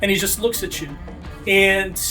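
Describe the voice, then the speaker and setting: High-ish guy gm narrating a brawl, punchy, makes whoosh noises, soft music under it. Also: moderate pace. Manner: energetic, with shouted sound effects. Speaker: game master. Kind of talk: narrating a tabletop role-playing fight.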